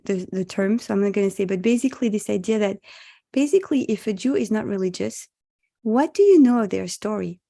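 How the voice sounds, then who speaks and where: Heard over a video call, a woman rabbi with a mid-range, gravelly, warm voice gives an earnest, reflective spoken teaching at an online meditation session. She mixes Hebrew religious terms into what she says.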